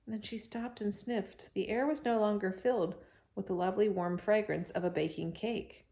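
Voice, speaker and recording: A woman reading a chapter book aloud to children, expressive and breaking off for chatty asides to them. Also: medium pitch, moderate pace.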